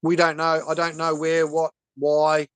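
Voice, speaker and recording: Earnest halting man, close and dry. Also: a little high, monotone, smooth, dry recording. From Australia. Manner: earnest, halting, many fillers. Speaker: livestream guest. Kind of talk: casual livestream talk.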